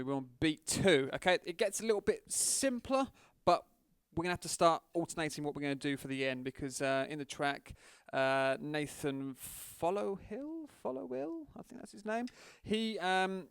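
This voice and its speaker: Casual male drum teacher, counts beats aloud, crisp and dry. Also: a little high, dry recording. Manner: chatty, counts beats aloud over the kit. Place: drum studio.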